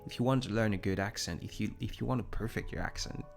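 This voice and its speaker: Over soft background music, a young man with a French accent talks fast in a lowish voice with vocal fry. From Germany, he hosts a livestream, rambling and self-deprecating while replying to viewer comments.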